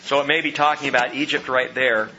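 Bright-voiced preacher on a muffled recording. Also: male voice, mid-range voice, fast talker, gravelly, slight background noise. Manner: expressive preaching, reads scripture aloud. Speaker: pastor. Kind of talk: sermon.

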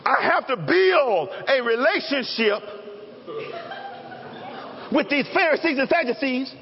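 A male pastor preaches in a high voice that swoops all over. He jokes and calls out to his congregation. The recording is dull and lo-fi, with a long hall echo. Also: slow. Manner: lively, joking, calls out to the congregation. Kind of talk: sermon. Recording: echoey hall, dull lo-fi sound.

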